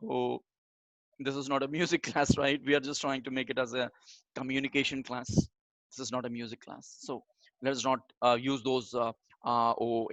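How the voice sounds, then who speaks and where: A man teaching a live online communication class in an energetic, motivational way, talking straight to his audience and repeating phrases for emphasis. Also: mid-range voice, no room sound. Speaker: communication trainer.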